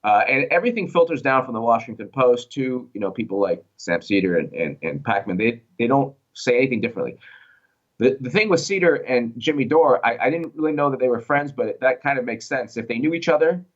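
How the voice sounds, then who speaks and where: A man's voice: mid-range voice, expressive, fairly quick. A man giving opinionated political commentary on a call-in show, emphatic and repeating his words. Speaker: show host or guest commentator. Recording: dull lo-fi audio.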